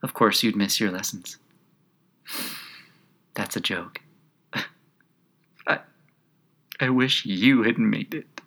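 A man reading a storybook puts on a tiny, melancholy gnat who talks in a soft, sighing, unhurried way. The tone stays bright and clear, with a slightly wistful, careless lilt. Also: on the low side, full character voice. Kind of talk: audiobook character reading.

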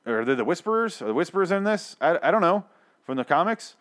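A man's voice: a little high, sing-song, fast, a bit bright. A young man giving a profane, exasperated, sarcastic recap of a TV episode, stumbling and restarting often. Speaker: TV episode reviewer. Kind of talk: ranting casual recap.

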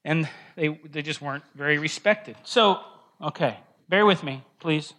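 A man leads a casual Bible study in a church classroom, his voice bright and forceful and sitting a little high. He talks loosely to the group, checks in with questions and often restarts his sentences. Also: normal speed. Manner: conversational, asks the group questions, frequent restarts and "right?". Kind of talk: informal classroom teaching.

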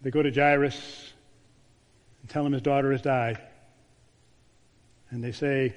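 A man, a pastor, delivering a sermon with a storytelling manner, dropping to a hushed voice on key words. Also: mid-range voice, level tone, a little slow, pauses often. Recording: long church reverb.

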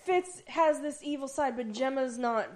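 A woman's voice: high-pitched, moderate pace. A woman co-hosting a casual chat, animatedly retelling a TV episode. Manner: animated retelling with playful quoted voices. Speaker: podcast co-host.

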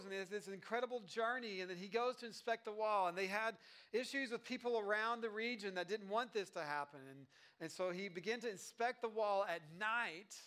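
A man's voice: sits high, bright, forceful tone, clear, resonant tone. A male pastor giving a sermon in a casual, conversational way, with joking asides and lots of fillers and restarts.

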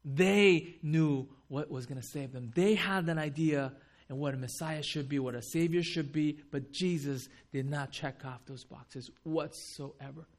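A man preaching a sermon, animated and dramatic, acting out people's reactions with sudden louder bursts. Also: on the high side, unhurried. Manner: animated, acts out voices with sudden loud outbursts. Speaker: pastor.

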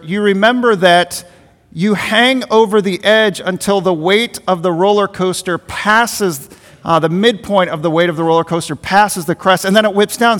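Conversational preaching man, high-pitched voice. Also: a bit bright, big-room sound. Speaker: pastor. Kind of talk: sermon.

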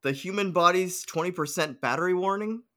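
A man's voice: high voice, fairly quick, fairly bright tone. A man co-hosting a podcast, chatting playfully and reading out listener questions. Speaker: podcast co-host. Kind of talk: casual chat.

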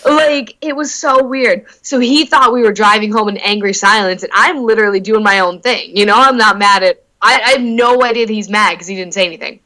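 A young woman telling stories in casual chat, candid and full of filler words, swearing freely with quick asides. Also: mid-range voice, poor audio. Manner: animated retelling with quick asides.

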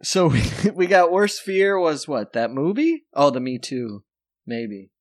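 A man with a slightly raised pitch, hosting a comedy podcast in loose, rambling banter. He jokes constantly and laughs at his own lines. The sound is dry and close. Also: very animated, no room sound. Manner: jokey, rambling, quick to laugh. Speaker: podcast host.

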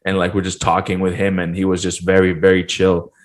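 Deep-voiced and monotone, this young podcast co-host talks fairly quickly through a long, meandering story in casual chat, stumbling over fillers and restarts.

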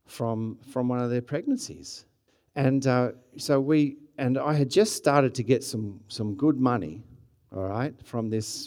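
This sermon comes from a middle-aged Australian pastor whose mid-range voice has a darkish tone. He preaches like he's telling stories in conversation, often restarting his sentences and building at times into surges of energy.

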